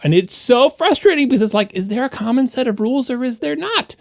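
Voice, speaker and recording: A man's voice: very high-pitched, expressive, fast talker, creaky, dry recording, studio quality. A man co-hosting a tech podcast in casual chat, ranting indignantly and with a lot of energy. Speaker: podcast co-host.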